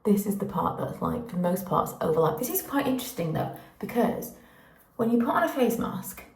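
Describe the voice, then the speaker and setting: A woman's voice: mid-range voice, sing-song, fairly quick, creaky, a little mellow. A woman in her thirties chatting casually to camera at home as a vlogger, enthusiastic and self-deprecating. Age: 30s.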